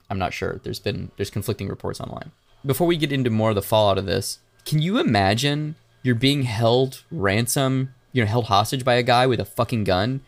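A man co-hosting a podcast, telling a crime story in casual chat and acting out loud, profane quotes. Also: medium pitch. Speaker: podcast co-host.

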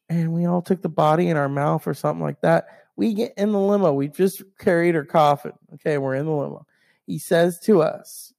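Man, gravelly voice, dark tone, profane ranting storyteller, solo podcast monologue. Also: fairly high pitch. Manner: animated storyteller who acts out others' lines.

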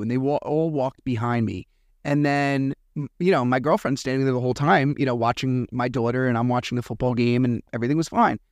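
A man's voice: medium pitch, dry recording. Chatty man telling a story, dry close sound. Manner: chatty, retells dialogue with animated quoted voices. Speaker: podcast host. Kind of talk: casual storytelling.

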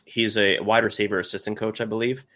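A man's voice: fairly low pitch, level tone, quick pace, sharp tone. A man appearing as a podcast guest, explaining his player analysis in chatty detail during a casual sports conversation.

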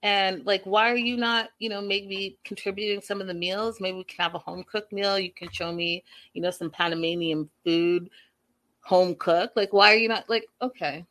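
A woman vlogger chatting casually and recapping a show in an animated, gossipy way. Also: mid-range voice. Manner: animated, gossipy, speeding up and slowing down. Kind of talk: casual chat.

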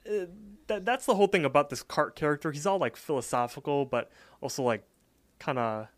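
A man's voice: a little high, a little fast, no echo. A man co-hosting a podcast who chats and recaps an episode in a laid-back way, laughing easily and trailing off mid-thought. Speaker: podcast co-host. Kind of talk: casual chat and episode recap.

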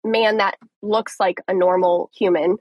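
A woman's voice: mid-range voice, fairly even intonation, measured pace, husky, no room sound, highs cut off. A young woman in her twenties, a caller dramatically retelling a story in a casual chat. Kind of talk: animated storytelling.

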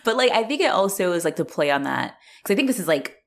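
A woman in casual conversation about a film, chatty and animated, with many filler words. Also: fairly low pitch, fast, vocal fry.

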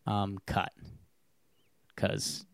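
A man's voice: very slow, dry recording, clean studio sound. A young man co-hosting a casual chat, teasing and laughing often as he rambles through tangents. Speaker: podcast co-host.

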